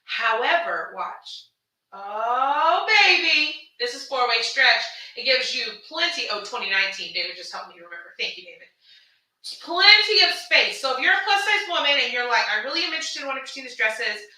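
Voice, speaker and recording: A woman from Houston, Texas, chatting casually on a livestream while selling her gowns, animated and calling viewers baby and honey. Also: high voice, normal speed, distant mic. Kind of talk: casual livestream sales chat. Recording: echoey room, voice away from the mic.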